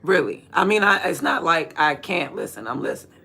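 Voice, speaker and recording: Gravelly-voiced candid rambling vlogger. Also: male voice, a little high, sing-song, fairly quick, sharp tone. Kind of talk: casual chat while watering plants.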